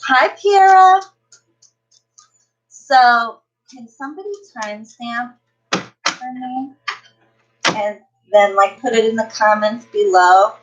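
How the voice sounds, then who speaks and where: A woman's voice: a little high, fairly even intonation, takes it slowly, highs cut off. A woman tarot reader chatting casually on a livestream, brash and profane, greeting viewers by name.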